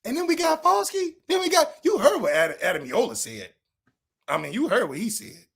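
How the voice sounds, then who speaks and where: A man co-hosting a sports podcast, ranting and trash-talking with sarcastic rhetorical questions and sometimes shouting. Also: very high voice, big pitch swings, brisk, gravelly, slightly rough. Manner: shouts at peaks. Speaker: podcast co-host.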